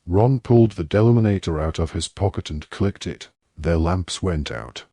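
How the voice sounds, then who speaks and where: A man narrating an audiobook in a steady, even reading voice. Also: sits low, normal speed, slightly rough, dry recording. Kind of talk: scripted narration.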